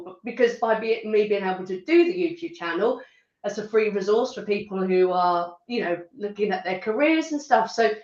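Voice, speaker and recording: A woman's voice: medium pitch, echoey room, muffled recording. A woman with a rural Suffolk accent, chatting as an interview guest, laughing often and restarting her sentences. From rural Suffolk, England. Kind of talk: casual interview chat.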